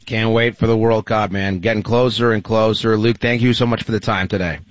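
A man's voice: lowish voice, fairly even intonation, fairly quick, dry recording, muffled recording. A man hosting a sports radio show, chatting and giving emphatic opinions. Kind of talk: casual chat and opinion.

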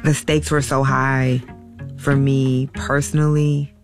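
A middle-aged woman telling a personal story in a halting, emotional way, with many restarts and fillers. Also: rumbling low, level tone, over music. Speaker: interview guest.

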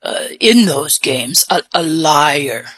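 A woman with a deep-pitched voice and a put-on English accent, a mystery guest on a radio guessing game who answers hesitantly with many fillers. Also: expressive, slow, a bit bright, husky, no room sound.

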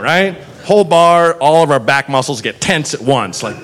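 Animated, high-pitched male stand-up comic. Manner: animated, profane, acts out characters in quick voices. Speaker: stand-up comedian. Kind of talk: stand-up comedy storytelling. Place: comedy club stage. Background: audience laughter.

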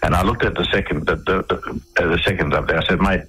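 An Australian man with a very low, husky voice tells his stories to a radio host. He rambles, stalls on fillers and starts his sentences over. The sound carries a radio broadcast quality. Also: fairly even intonation, fast, bright, forceful tone, poor audio. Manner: rambling, with many fillers and restarts. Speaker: radio interview guest. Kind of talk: conversational storytelling.

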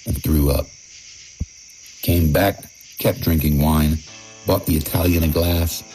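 A man's voice: extremely low pitch, darkish tone, low-quality recording. A man narrating a personal anecdote in the first person, in a wry, emphatic manner. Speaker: storyteller.

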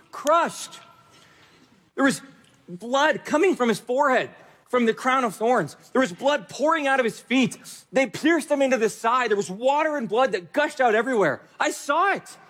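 A man's voice: extremely high pitch, a bit bright, pitched above the performer's own voice, full character voice. A man preacher voicing a grieving woman at a tomb, pleading in short, breaking cries.

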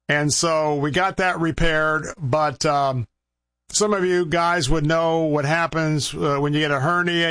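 A man's voice: fairly high pitch, fairly bright tone, no echo, clean studio sound. Earnest older male radio host. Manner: earnest pleading, repeats phone number slowly. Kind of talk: radio fundraising appeal.

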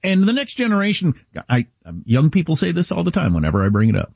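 A man's voice: fairly high pitch, huge pitch swings, fast, gravelly, a little mellow, breathy edge, dry recording, dull audio. A man from Kansas telling a story in casual talk-show chat, quoting dialogue as he goes.

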